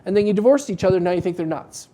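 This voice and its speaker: A man coaching dental practice owners in a casual, joking advice talk, telling animated stories to make his point. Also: high voice, rapid-fire. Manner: wry, joking, animated storytelling.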